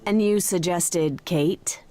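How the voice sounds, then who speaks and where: A woman's voice: fairly low pitch, slow, dark tone, soft background music. An actress playing a cheerful, playful young woman companion in a video game.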